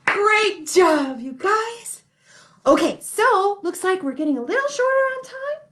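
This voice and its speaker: A young woman hosts a playful children's sing-along class, encouraging the kids and laughing often. Her voice is very high and a bit bright. The recording has a roomy echo.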